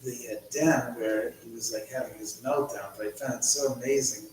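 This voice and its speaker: A man's voice: mid-range voice, fairly even intonation, normal speed. Middle-aged man rambling in an echoey room. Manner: rambling storyteller, reads viewer comments aloud. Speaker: livestream host. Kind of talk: casual livestream chat. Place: large echoey room at home. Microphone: laptop mic from a distance. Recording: very echoey, distant, faint hum.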